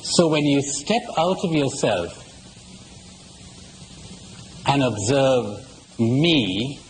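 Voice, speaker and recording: A man's voice: medium pitch, lively intonation, very slow, slight background noise, poor audio. A man giving a spiritual lecture to a live audience, asking rhetorical questions and telling jokes. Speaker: retreat speaker.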